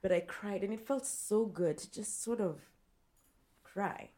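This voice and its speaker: A woman's voice: medium pitch, a little slow. A woman co-hosting a podcast, telling a personal story in a casual chat and acting out what her friends said. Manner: animated storytelling, acts out quoted friends, laughs often. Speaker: podcast co-host.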